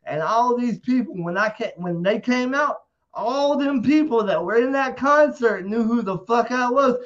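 High-voiced profane man storyteller. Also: normal speed, dull audio. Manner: animated, profane, acts out quotes loudly. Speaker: interview guest. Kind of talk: casual storytelling.

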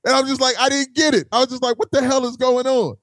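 High-voiced man telling an animated story. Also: quick pace, no echo. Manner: animated, acts out quotes, swears freely. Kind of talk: casual storytelling chat.

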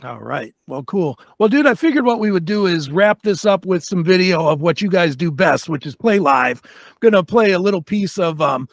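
A man hosts an interview show in a friendly, easygoing way. His speaking voice sits high for a man. The sound is dry and close, with no room around it. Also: lively intonation, moderate pace, no room sound. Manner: friendly, says "dude" and "man". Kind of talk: casual interview chat.

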